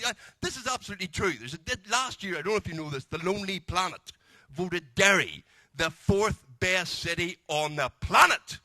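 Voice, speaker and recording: A man's voice: sits high, sharp tone, no room sound. A man doing cheeky, crude stand-up at a dinner. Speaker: after-dinner comedian. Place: large dinner function room.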